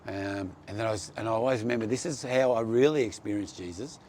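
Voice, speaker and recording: A man's voice: on the low side, quick pace, a little mellow, a little hiss or hum. A man giving a personal faith testimony, telling his story in an earnest, heartfelt way.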